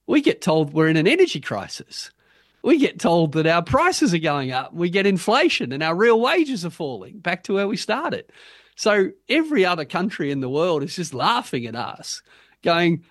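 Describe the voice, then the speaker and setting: A man with an Australian accent, speaking as an interview guest in an animated, emphatic way and building his point with punchy rhetorical lines. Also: fairly high pitch, moderate pace, dry recording, clean studio sound. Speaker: guest policy advocate. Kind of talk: interview, arguing for a policy.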